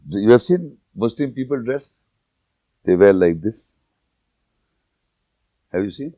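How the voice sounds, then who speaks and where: A man giving an informal religious lecture, telling jokes and anecdotes and pausing to search for words. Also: low-pitched, mellow, no room sound, muffled recording. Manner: anecdotal, joking, with searching pauses and restarts. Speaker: Islamic lecturer.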